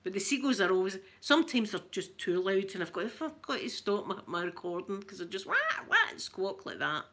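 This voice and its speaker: A Scottish woman with a Scottish accent hosts a casual livestream chat. Her voice is bright and clear-edged, and she talks in a chatty, animated way as she tells stories. She sounds middle-aged. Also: mid-range voice, fairly quick, hardly any pauses. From Scotland. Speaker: ASMR channel host.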